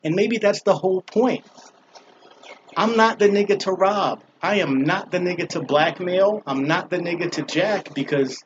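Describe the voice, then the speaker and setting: A man's voice: sits high, a little fast, dull audio, slight background noise. A man vlogging from a small balcony, rambling and swearing through a laid-back casual story with lots of fillers. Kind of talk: casual profane monologue. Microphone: camera on a small balcony.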